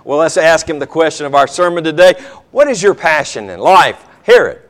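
A man's voice: fairly high pitch, lively intonation, fairly quick, fairly bright tone. A man preaching a sermon, telling a Bible story dramatically and acting out the characters.

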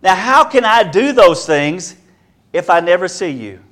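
A man's voice: high-pitched, sing-song, measured pace, a bit bright. A man preaching a sermon to a congregation, earnest and repetitive, building his point through rhetorical questions.

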